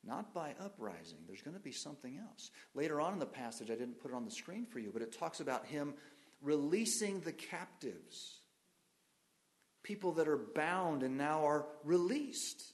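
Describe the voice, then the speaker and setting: A male pastor preaching a sermon, putting questions to the congregation and swinging from loud emphasis to quiet, soft phrases. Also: fairly high pitch, sing-song, normal speed.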